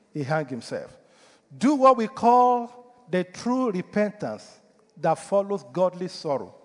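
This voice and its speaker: A man's voice: sits high, long reverb tail. A male pastor delivering a sermon, preaching emphatically and putting rhetorical questions to the congregation. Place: church.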